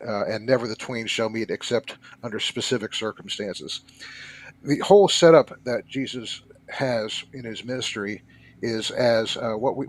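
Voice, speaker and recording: Man with a lowish, measured voice. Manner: measured, with frequent fillers. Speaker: podcast guest. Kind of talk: explanatory discussion.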